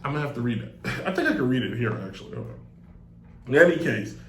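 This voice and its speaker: A man hosting a live sports talk show, rambling and joking in a loose, animated way. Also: medium pitch, quick pace, slight background noise. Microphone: desk mic on a stand. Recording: echoey room.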